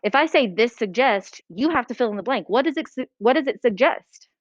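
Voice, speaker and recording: A woman teaching a writing lesson to a class, brisk and checking that students follow. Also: sits high, expressive, no echo. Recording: dull lo-fi classroom recording.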